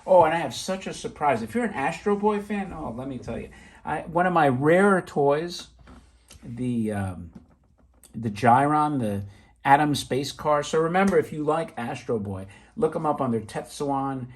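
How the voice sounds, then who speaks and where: Middle-aged guy rambling excitedly about old toys, husky voice, pitch jumping all over. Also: normal speed. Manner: chatty, excitable, rambling asides. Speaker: toy collector vlogger. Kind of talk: casual show-and-tell.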